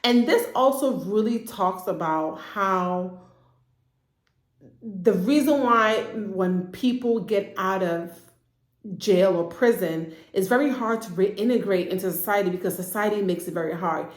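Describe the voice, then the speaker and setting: A woman therapist giving a casual, chatty recap of a TV drama, slipping into quick impressions of the characters. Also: mid-range voice, echoey room. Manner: chatty, acts out characters' lines in quick asides.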